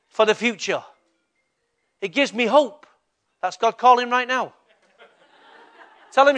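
An older man with a Mancunian accent, a pastor preaching a lively sermon and putting questions to the congregation in church. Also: very high voice, slow, long pauses.

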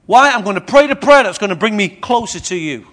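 A man's voice: high-pitched, expressive, brisk, a bit bright. A man preaching a sermon, questioning his congregation as he goes.

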